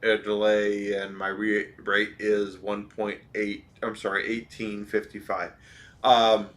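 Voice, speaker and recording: A man's voice: on the low side, little pitch movement, slow pace, fairly bright tone. A man streaming a video game, giving rambling, opinionated advice with lots of fillers. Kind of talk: casual gameplay commentary.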